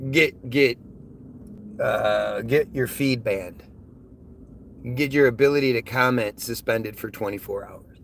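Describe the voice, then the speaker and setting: A man's voice: medium pitch, sharp tone. A man from the United States livestreaming from a car as he drives, reading viewers' chat aloud and ranting in rambling, repetitive talk. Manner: rambling, repeats words, ranting. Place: inside a car while driving. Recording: car and road noise behind.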